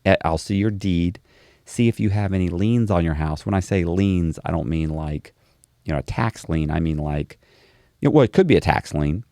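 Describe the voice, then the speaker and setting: Man, gravelly voice, lowish pitch, casual interview storytelling, acts out dialogue, dry close sound. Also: moderate pace, dark tone, no room sound. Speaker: interview guest.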